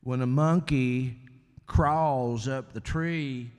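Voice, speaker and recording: A man doing a comic impression of a folksy male politician with a Texan accent, speaking slowly and losing his train of thought. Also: medium pitch, a little mellow, smooth, long reverb tail. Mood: rambling. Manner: slow, drawling, lost mid-sentence.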